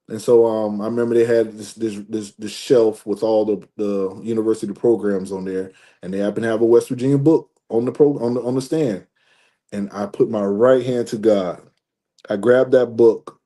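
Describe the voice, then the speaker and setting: A man in his forties, a former football player, telling a long story in a relaxed interview, restarting sentences often. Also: fairly low pitch. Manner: animated storyteller, acts out dialogue, restarts often.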